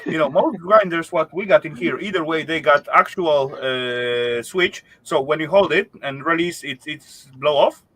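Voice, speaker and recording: A man with a bright, tense edge to a slightly high voice chats casually. He speaks haltingly, in simple and broken sentences. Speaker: guest on a live chat. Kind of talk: casual chat.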